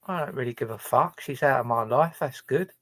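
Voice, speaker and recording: A man's voice: mid-range voice, fairly quick, a bit bright, dry recording. A man chatting casually on his livestream, rambling and hesitant, swearing heavily as he talks. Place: his own boat.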